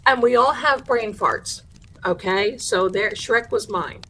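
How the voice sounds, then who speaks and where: A woman hosting a live show, telling a haunted house story with lively energy and acting out the people in it. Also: medium pitch, slow, slightly rough. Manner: animated, acts out the people in her story. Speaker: host.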